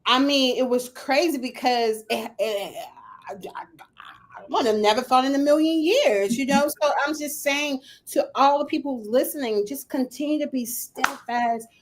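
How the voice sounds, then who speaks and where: High-voiced, animated woman podcast host. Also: normal speed, slight background noise. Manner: animated, laughs often, acts out quoted voices; emphatic, repeats phrases for effect. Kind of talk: casual motivational podcast talk.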